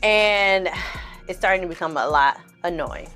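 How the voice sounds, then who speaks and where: A woman's voice: lowish voice, moderate pace. Sassy lady vlogger ranting about a tv episode, faint music in the back. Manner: sassy, expressive, acts out scenes in funny voices. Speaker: film and TV reviewer. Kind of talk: casual review vlog.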